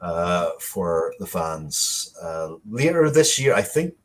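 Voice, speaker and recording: Low-voiced man, rambling and hesitant. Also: very animated, takes it slowly. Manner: rambling, hesitant, with many fillers. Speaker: audio drama producer. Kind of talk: casual live-stream chat.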